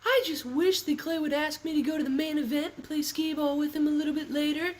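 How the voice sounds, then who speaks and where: A giddy young woman gushes in a thin, squeaky falsetto that a man puts on. She sounds sweet and lovestruck, well above any natural speaking pitch. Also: steady tone, brisk. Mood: gushing. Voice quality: high falsetto.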